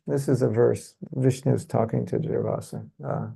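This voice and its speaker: Gravelly-voiced man leading a seminar. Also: mid-range voice, fairly even intonation, normal speed, warm tone. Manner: rhetorical, keeps asking "isn't it?"; leads the audience in call-and-response. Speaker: seminar speaker. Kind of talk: devotional seminar talk. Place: temple hall with an audience.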